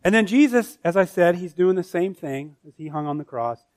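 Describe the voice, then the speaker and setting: A man's voice: high voice, lively intonation, moderate pace, a little mellow, no echo. A man preaching a sermon as pastor, emphatic and full of rhetorical questions.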